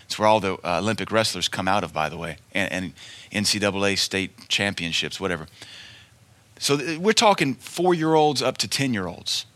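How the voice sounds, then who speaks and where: Man, preacher, sermon, bright forceful tone, emphatic, folksy storytelling, repeats key lines. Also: lowish voice, animated, normal speed.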